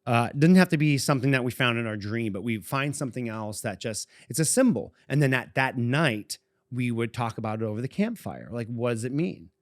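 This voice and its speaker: Brisk and expressive at medium pitch, this podcast co-host, a man from Boston in his forties, tells a long personal story in a wandering, casual way and chuckles a lot. It's a dry, studio-quality recording.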